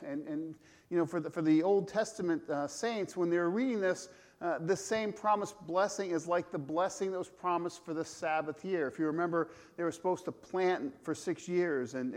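A man's voice: fairly high pitch, darkish tone. A man preaching a casual, conversational sermon to a congregation, asking rhetorical questions and slipping in small jokes. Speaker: pastor.

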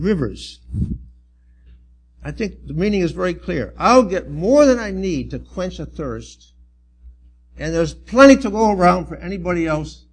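A middle-aged man, a church elder, preaching a sermon in an earnest, halting way with restarts and emphatic swells. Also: on the high side, vocal fry, slightly rough.

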